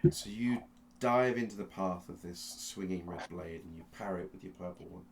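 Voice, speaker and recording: Game master, male, deep and gravelly, slow suspenseful narration with restarts. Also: a little hiss or hum. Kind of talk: dramatic second-person narration of a tabletop game.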